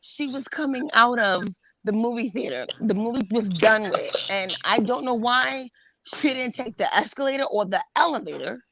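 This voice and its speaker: A woman's voice: a little high, animated, normal speed, crowd noise, rough recording. A woman hosting a casual chat stream, telling a family story in a blunt, exasperated way with plenty of swearing. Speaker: host.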